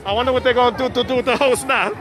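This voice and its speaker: A man's voice: very high-pitched, fairly even intonation, rapid-fire, noisy background. A man hosts a casual live stream from an outdoor birthday party, chatty and repeating his words as he stammers. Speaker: host of a live stream show. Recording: phone recording outdoors, party music and crowd. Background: music and children at a party.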